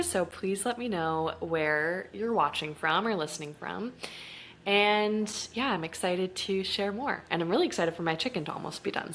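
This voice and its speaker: A woman's voice: mid-range voice, fairly bright tone, slight background noise. A young woman chatting casually to the camera in a home vlog, bubbly and full of "like". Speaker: vlogger. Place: at home, kitchen and bedroom.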